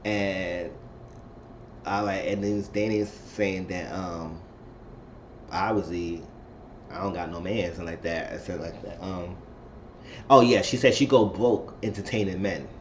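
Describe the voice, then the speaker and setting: A man's voice: deep voice, fairly even intonation, unhurried, long pauses, highs cut off, a little hiss or hum. A man casually recapping a TV episode, chatty and rambling, acting out the quotes as he goes. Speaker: TV episode reviewer.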